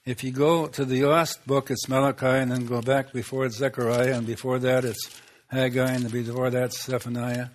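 A man's voice: mid-range voice, flat delivery, normal speed, a little hiss or hum. A man preaching a sermon, folksy and conversational, with rhetorical questions and frequent chuckles. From Swedish Lutheran background. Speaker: pastor.

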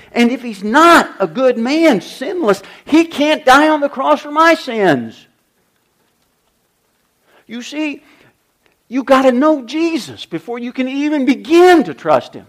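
A man's voice: very high-pitched, a bit bright. Older male pastor preaching emphatically. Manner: emphatic preaching with repeated refrains and rhetorical questions. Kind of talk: sermon.

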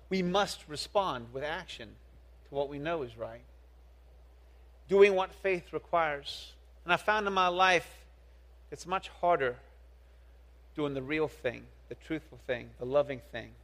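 A young man preaching a sermon as a youth pastor, animated, acting out quoted voices and repeating words as he builds his point. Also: a little high, measured pace.

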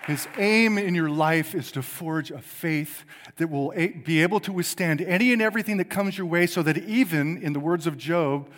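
A middle-aged man preaching a sermon in a conversational way, swinging from loud emphasis to quiet asides. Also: fairly high pitch, normal speed, long reverb tail. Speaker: pastor.

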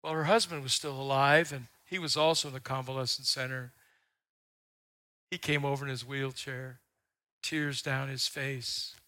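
A middle-aged man preaching a sermon as pastor, telling stories in a folksy way and swelling loud on key lines. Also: mid-range voice, flat delivery, a little slow.

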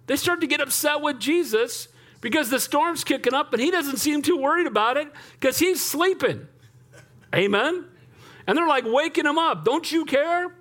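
A male pastor preaching a sermon in a lively, conversational way, often asking the congregation for an amen. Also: extremely high pitch.

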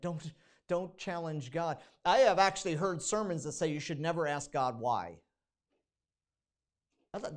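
A man's voice: fairly high pitch, unhurried, pauses often. Male pastor, informal sermon delivery with frequent restarts, dramatizes prayers in a raised voice.

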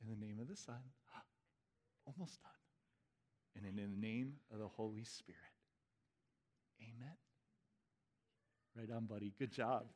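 A man as pastor, leading a baptism liturgy with relaxed, informal asides between the formal vows. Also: on the low side, moderate pace, pauses often. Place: church sanctuary. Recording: reverberant church hall.

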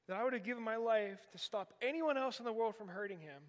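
A man of about forty preaching in a church sanctuary, with a notably high voice. He tells stories in a candid way and slips in self-deprecating jokes. His words ring out with a long hall reverb. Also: lively intonation, moderate pace. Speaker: pastor. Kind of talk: sermon.

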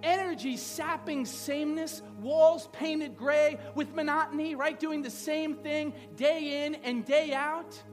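Pastor, male, 30s, high-pitched, chatty preaching style with quips and questions; live hall sound with music bed. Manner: conversational preaching with rhetorical questions and humor. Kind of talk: sermon. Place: church sanctuary. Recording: long hall reverb with background music.

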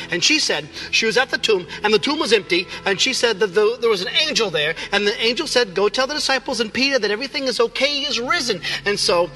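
A man playing the apostle Peter in a church skit, rambling and animated. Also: extremely high pitch, full character voice. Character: excitable male apostle Peter, eager fisherman.

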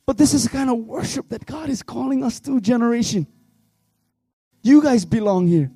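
High-voiced fervent preacher man. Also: normal speed, slightly rough, no room sound. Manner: fervent, pleading, swings between shouting and hushed tones. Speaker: worship leader. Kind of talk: impassioned youth revival sermon.

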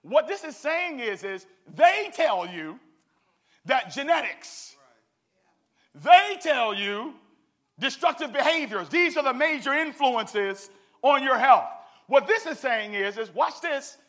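Pastor, male, high bright voice, lively call-and-response preaching. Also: slow. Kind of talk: sermon.

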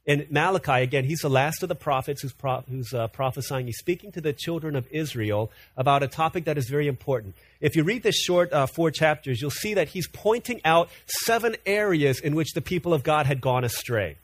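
A man's voice: a little high, lively intonation, fairly quick, hardly any pauses. A man in his thirties, a pastor preaching an earnest, conversational sermon full of personal stories.

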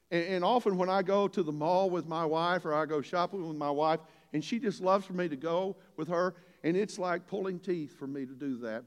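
An older man preaching a sermon as a pastor, folksy and earnest, building to emphatic points. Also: fairly high pitch. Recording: long hall reverb.

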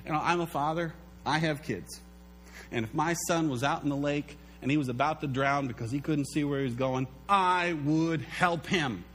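A man preaching a sermon as pastor, telling stories in an animated way and acting out the quotes. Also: mid-range voice, measured pace, slight background noise. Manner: animated storytelling, acts out quotes.

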